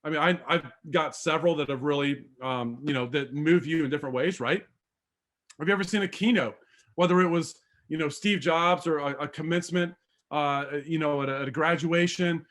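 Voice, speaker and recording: A man's voice: fairly high pitch, fairly quick, fairly bright tone. A man giving a live seminar talk on presenting, speaking conversationally and asking the audience questions, with many fillers. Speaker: speaker coaching doctors on presentations.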